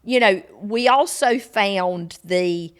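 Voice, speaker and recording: A woman's voice: medium pitch, takes it slowly, smooth. A middle-aged woman with a Georgia Southern accent, co-hosting a casual chat in an emphatic, affirming way. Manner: emphatic, affirming, often interjects "right". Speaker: podcast co-host.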